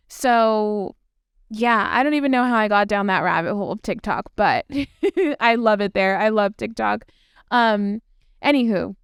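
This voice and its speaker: Woman podcast host, chatty and reflective, super clear smooth voice, dry close sound. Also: on the high side, dry recording. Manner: chatty, with frequent likes and ums. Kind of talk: solo reflective podcast talk.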